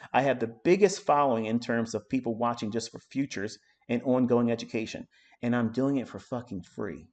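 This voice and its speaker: A middle-aged man giving live trading commentary on a stream, ranting hard and swearing often as he talks. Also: mid-range voice. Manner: profane, ranting, emphatic. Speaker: trading mentor.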